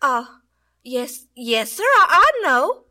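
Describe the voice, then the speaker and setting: A woman's voice: sits high, big pitch swings, slow, pushed and bright, exaggerated voice. A woman voicing a poor, hungry young boy who stammers hesitantly and stays polite. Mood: eager.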